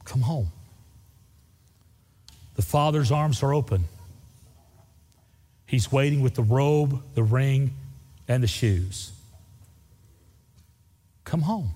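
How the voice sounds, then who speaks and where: A man's voice: mid-range voice, takes it slowly, long pauses, dark tone, husky, long reverb tail. A man preaching a sermon as a pastor in a church, pleading earnestly and repeating phrases for emphasis. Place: church sanctuary.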